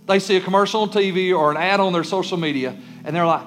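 A man's voice: sits high, fairly even intonation, fast talker, few pauses, a bit bright, soft background music. A man preaching a sermon as a pastor, emphatic, sometimes acting out the pleading voices of churchgoers and children. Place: church sanctuary.

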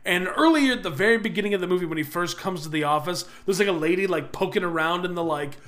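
High-voiced man recapping a movie, laughing. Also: quick pace, a bit bright. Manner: rambling, laughs a lot, many fillers. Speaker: podcast co-host. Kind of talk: casual movie recap chat.

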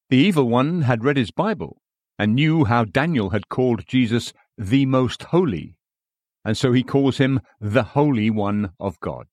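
A man reads a sermon aloud in an earnest, exhorting manner. His voice sits in a middle male pitch. The recording is dry, with no room sound. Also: animated, measured pace, darkish tone, no echo.

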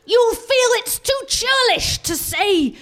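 A British woman performing live stand-up comedy at a venue, animated and self-mocking, jumping her voice up for punchlines. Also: extremely high pitch, shouting. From Britain. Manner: animated and self-mocking, with quick vocal jumps.

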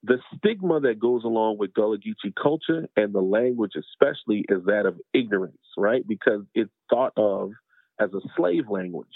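A man's voice: fairly low pitch, normal speed, dry recording. A man from North Charleston, South Carolina, a podcast guest, explaining things emphatically in a conversational interview. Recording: dry, phone-like sound.

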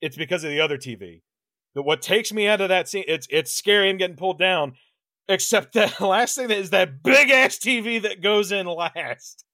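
A man's voice: high-pitched, lively intonation, moderate pace, sharp tone, dry recording. A man co-hosting a horror film podcast, talking loosely and animatedly, laughing as he goes and restarting his sentences. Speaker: podcast co-host. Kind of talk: casual film-review chat.

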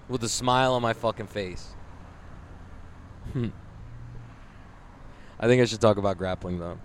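A young man hosting a casual podcast from his car, rambling and jokey with lots of swearing. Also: fairly low pitch. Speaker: podcast host. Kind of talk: casual solo podcast while driving. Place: inside a car in traffic. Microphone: large podcast microphone with headphones. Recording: in a car with road noise behind.

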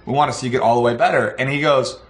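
A man telling a church story with animated energy, acting out the people in it and laughing as he goes. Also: mid-range voice, very fast. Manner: lively, acts out the voices in his story, laughs as he tells it. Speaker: pastor telling a testimony. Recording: echoey room.

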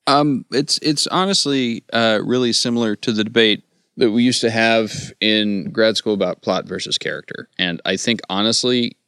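A man's voice: lowish voice, normal speed, fairly bright tone, clean tone, no echo, clean studio sound. A man talking through comedy writing in a casual panel discussion, thoughtful and a little academic. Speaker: podcast panelist.

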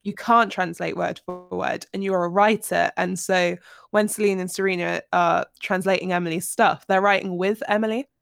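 A woman's voice: fairly low pitch, fairly even intonation, moderate pace, gravelly, no echo, studio quality. A woman in her twenties co-hosting a podcast, chatting casually about books with frequent fillers and restarts. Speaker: podcast co-host. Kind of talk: casual book-club chat.

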